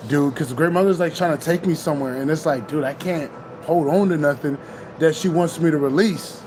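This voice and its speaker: A man with a notably high voice talks in a loose, streetwise spiritual pep talk. He curses freely and keeps looping back to the same encouragements. Faint vehicle noise hums in the background. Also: a little fast. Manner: loose, profane, repeats himself. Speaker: spiritual vlogger.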